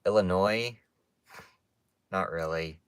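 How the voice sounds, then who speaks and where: Slow-talking playful man chatting with viewers. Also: deep voice, a bit bright, smooth, dry recording. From Kansas, United States. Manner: playful, teasing, rambling with many fillers. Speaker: streamer. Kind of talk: casual chat answering a live chat. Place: indoor room with stuffed animals.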